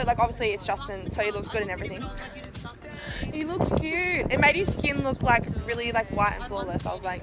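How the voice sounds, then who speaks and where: A young woman tells a story to her vlog camera in a rush, her voice sitting a little high. She is chatty and swears freely, and music runs loud underneath her. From Australia. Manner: chatty, swears a lot, heavy use of "like". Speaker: vlogger. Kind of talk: excited casual storytelling.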